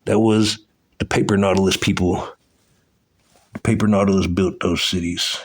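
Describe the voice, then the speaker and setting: A man giving profane, agitated commentary on old photos, exclaiming as he goes. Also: low-pitched. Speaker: video host.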